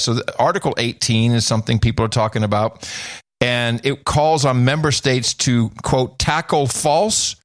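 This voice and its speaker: A man co-hosting a podcast in casual chat, reacting quickly with laughing asides. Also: on the low side, no room sound, clean studio sound. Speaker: podcast co-host.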